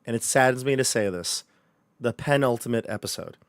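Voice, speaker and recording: Man, game master, joking, chatty, mid pitch, dry close mic. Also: brisk, dry recording. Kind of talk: livestreamed tabletop game chat.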